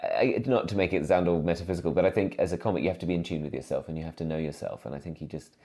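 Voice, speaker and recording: Deep-voiced guy in his 30s, chatty comedian guest, lots of stop-start storytelling. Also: very fast. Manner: animated, self-deprecating storyteller with many restarts. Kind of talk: casual interview chat.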